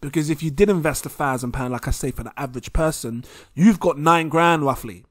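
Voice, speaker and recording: A young man with an English accent rambles excitedly through a casual screen-share commentary as a crypto vlogger, laughing at himself. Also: fairly high pitch, fairly quick, no echo, clean studio sound. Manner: excitable, giggly, rambling, self-mocking.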